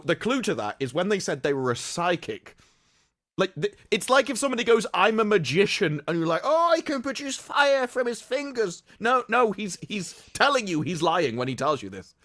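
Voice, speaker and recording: A man co-hosting a podcast, talking in an animated, mocking way and laughing through his own jokes. His voice sits a little high for a man. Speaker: podcast co-host. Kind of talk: casual chat.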